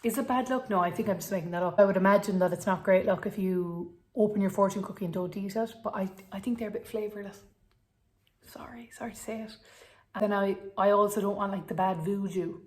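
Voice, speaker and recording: A woman's voice: medium pitch, quick pace. A young woman with an Irish accent, chatting to camera in a rambling, self-mocking way. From Ireland. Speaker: vlogger. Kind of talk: casual chat to camera.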